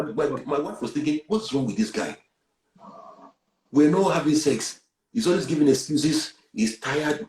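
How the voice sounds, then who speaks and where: Earnest man in an echoey room. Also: on the low side. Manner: earnest, animated, swings between hushed and loud. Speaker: guest sharing a personal testimony. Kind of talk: candid testimony on a talk show.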